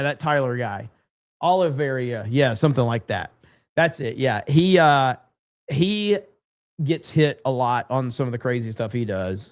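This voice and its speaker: A man's voice: medium pitch, dry recording. A man hosting a livestream, chatting casually and reading viewer comments aloud, loose and rambling with lots of ums. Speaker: livestream host.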